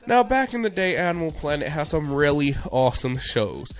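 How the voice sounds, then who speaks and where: A man's voice: fairly high pitch, big pitch swings, normal speed. A young man narrating a casual video commentary in a playful, conversational way with jokey asides.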